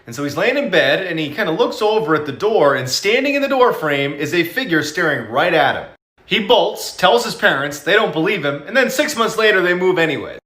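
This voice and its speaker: A man narrating a short creepy story in a steady scripted way. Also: high voice, fairly quick, echoey room.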